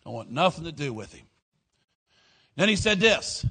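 Male preacher, high voice, rhythmic rhyming delivery, shouts for emphasis. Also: big pitch swings, moderate pace, pauses often. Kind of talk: fiery sermon.

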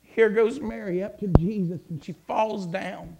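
High-voiced preacher who stammers and shouts. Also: male voice, steady tone, measured pace, gravelly, very noisy. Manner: stammering repetitions, swelling into fervent shouts. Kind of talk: sermon.

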